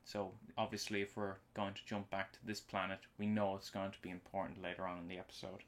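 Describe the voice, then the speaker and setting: A man's voice: low-pitched, completely flat delivery, fast. A man co-hosting a casual live podcast, rambling with frequent restarts and fillers. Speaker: podcast co-host. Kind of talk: casual live episode discussion. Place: home basement.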